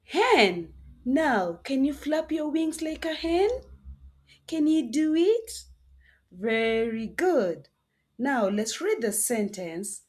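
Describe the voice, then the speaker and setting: A woman teaching phonics to young children, cheerful and coaxing, sounding out each letter slowly. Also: high voice, big pitch swings. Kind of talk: slow, sing-song teaching to preschoolers.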